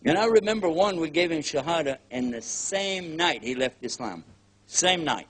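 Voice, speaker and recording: Folksy older Texan preacher, husky voice. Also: male voice, fairly high pitch, expressive, moderate pace. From Texas, USA. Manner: folksy, joking, acts out scenes in quoted voices. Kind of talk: casual lecture.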